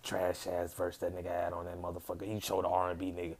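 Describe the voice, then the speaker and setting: A man ranting heatedly about music to camera, swearing constantly, swinging between low mutters and loud outbursts. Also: monotone, quick pace. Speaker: vlogger. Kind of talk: profane music rant to camera.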